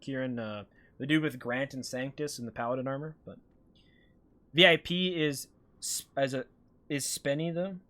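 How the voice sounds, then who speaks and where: A man's voice: mid-range voice, moderate pace, pauses often, pushed and bright. Chatty Canadian man streaming a game. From Alberta, Canada. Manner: rambling, reads chat aloud and answers it. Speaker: live-streamer. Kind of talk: casual gaming stream chat.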